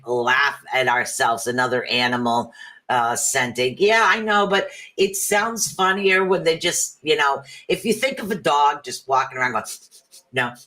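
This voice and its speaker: A woman's voice: deep voice, a bit bright. A middle-aged woman hosting a casual chat stream, talking in a chatty, rambling way that jumps between thoughts. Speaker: livestream host.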